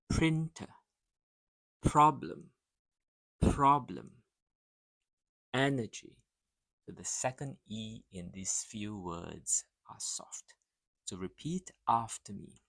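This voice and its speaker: A man teaching English pronunciation, speaking deliberately and saying each model phrase twice for the listener to repeat. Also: fairly low pitch, lively intonation, vocal fry, fairly bright tone, slightly rough, no room sound, studio quality. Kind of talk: pronunciation lesson.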